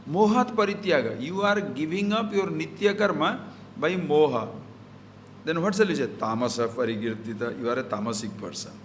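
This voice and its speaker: A man's voice: on the high side, expressive, a little fast, a little hiss or hum. A man giving a scripture talk, explaining Sanskrit verses with everyday examples and rhetorical questions. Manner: mixes Sanskrit verses into English. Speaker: spiritual teacher.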